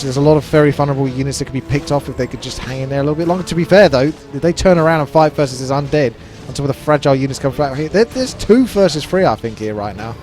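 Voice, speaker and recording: A man's voice: medium pitch, a little mellow. A man casting a live strategy game match, chatty and analytical. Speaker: esports caster.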